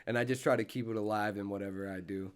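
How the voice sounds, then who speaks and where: A young man, a musician guest on a podcast, talking in a relaxed, laid-back way that often trails off softly. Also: on the low side, fast. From Boston. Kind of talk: casual podcast chat.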